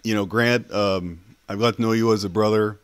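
A man's voice: lowish voice, steady tone, moderate pace, background noise. A man joking and stumbling through casual answers for a wedding video. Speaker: wedding guest, brother-in-law. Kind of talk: casual on-camera wedding message.

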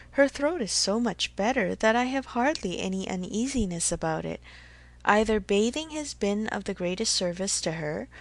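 A woman reading the part of a gentle young mother who speaks earnestly and reassuringly. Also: on the high side, no echo. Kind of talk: audiobook character reading.

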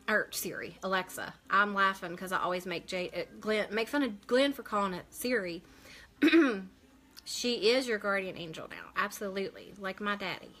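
A woman's voice: mid-range voice, bright, forceful tone. A woman hosting a casual live makeup stream, chatting as she works and answering viewer comments aloud.

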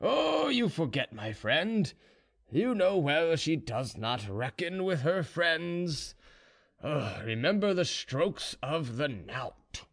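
A man's voice: a little high, sing-song, slow, vocal fry, fairly bright tone, heavily acted. A man voicing a boastful, contented male serf who is drinking brandy, speaking in an easygoing, smug way. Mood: teasing.

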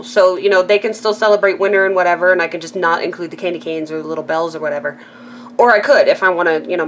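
A chatty woman from California rambles through a casual craft supply show-and-tell at a mid-range pitch. She fills the gaps with ums and restarts, and laughs at her own asides. A faint hum sits under her voice. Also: a bit bright. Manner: chatty and rambling, with frequent ums and self-corrections. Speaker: craft vlogger.

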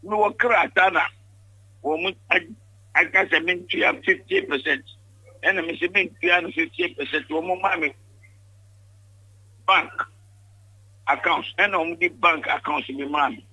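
Older Ghanaian man as interview guest: husky, bright, emphatic, repeats himself, dry close recording. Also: a little high, unhurried, pauses often, dry recording, poor audio. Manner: emphatic, repeats words when pressed. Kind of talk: candid interview.

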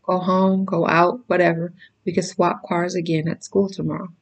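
Teenage boy, loyal friend, urgent plan, low flat delivery, as a woman reads him. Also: normal speed, breathy edge.

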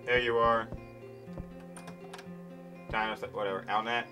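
In a low-quality recording with video game music in the background, a man with a fairly low voice talks at normal speed. He hosts a gaming channel and casually commentates as he plays, impatiently grumbling and cursing often.

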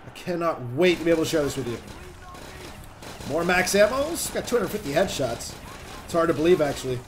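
A young man casually commenting on his own gameplay as a channel host, chatty and excitable, swearing when things get tense. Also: on the high side, a little fast, background noise.

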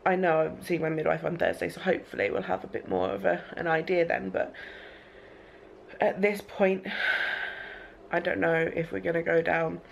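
A woman's voice: on the low side, creaky, a little hiss or hum. A young woman talking casually to her camera at home, candid and rambling, often laughing between emotional thoughts. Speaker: vlogger. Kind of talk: casual vlog talk to camera. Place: echoey room at home. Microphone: compact camera.

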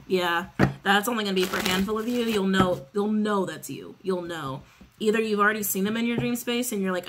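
A woman's voice: mid-range voice, quick pace, very noisy. A woman giving a casual spoken tarot reading, chatty and sassy, swearing freely and repeating her phrases. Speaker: tarot reader.

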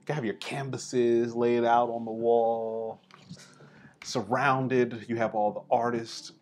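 A man hosting a casual art appreciation vlog, talking in a relaxed, chatty, enthusiastic way. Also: mid-range voice, slow pace. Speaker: host.

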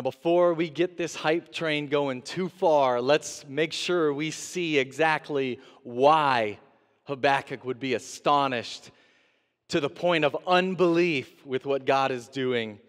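A man, an interim pastor, preaching a sermon with animated delivery, acting out the prophet's pleas and God's replies. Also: a little high. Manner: animated preaching, acts out voices of God and the prophet. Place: church sanctuary. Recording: long reverb of a church sanctuary.

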